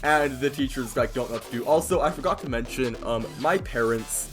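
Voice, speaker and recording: A young American man telling a story-time vlog, loud and hyped, often yelling into a close microphone. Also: medium pitch, a little fast, soft background music. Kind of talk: casual storytelling.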